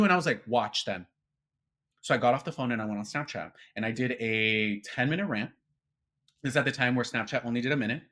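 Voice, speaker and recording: Speaking briskly at a medium pitch, this interview guest tells his story in a casual, lively way. He voices the quoted dialogue himself and curses freely.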